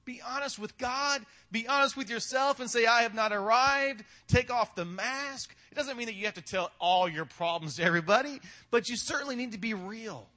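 A man's voice: extremely high pitch, fairly quick, few pauses, pushed and bright. A male pastor preaching a sermon in a casual, conversational way, tossing in rhetorical questions and humor.

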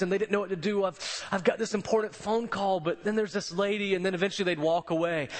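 High-voiced man preaching a story-filled sermon. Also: a bit bright. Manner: storytelling, conversational, repeats words. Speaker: pastor.

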